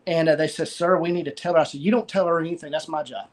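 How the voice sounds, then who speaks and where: Higher-voiced man recounting loss. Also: fairly even intonation. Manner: halting, repeats words when emotional. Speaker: guest. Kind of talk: telling a personal story.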